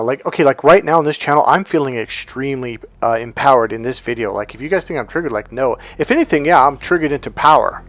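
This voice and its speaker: A man's voice: medium pitch, fast talker, hardly any pauses, fairly bright tone, dry recording. A man who coaches on relationships, giving a blunt, emphatic vlog rant and swearing freely.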